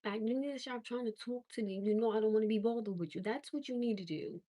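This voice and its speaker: A female livestream host rants fast in a warm voice on the high side, recorded with no echo. Her casual tirade is blunt and exasperated, growing more emphatic as her disbelief rises.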